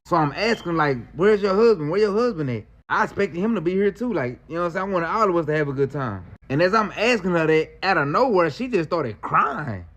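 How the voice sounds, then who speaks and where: High-voiced man telling a story. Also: brisk, few pauses. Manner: slangy and animated. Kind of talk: casual storytelling.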